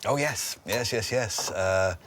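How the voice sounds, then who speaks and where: A man's voice: on the low side, takes it slowly, fairly bright tone. A man chatting as a guest on a cooking show, playful and laughing often as he slips into impressions. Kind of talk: casual chat on a cooking show. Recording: faint background noise in a studio kitchen.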